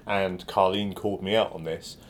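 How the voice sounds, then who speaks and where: A man's voice: low-pitched, fairly even intonation, normal speed, noisy background. A man hosting a podcast, chatting casually and with amusement with his improv guest. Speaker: podcast host.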